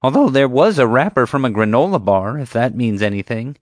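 A man's voice: mid-range voice, lively intonation, a little fast, no echo, studio quality, voice pushed up, close to an everyday voice. A man voicing a meek, nervous young male security guard who hesitates.

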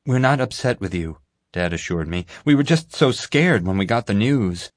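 A man's voice: on the low side, expressive, moderate pace, close to an everyday voice. A male narrator voicing a caring, earnest father in an audiobook. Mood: reassuring. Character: reassuring, knowledgeable father.

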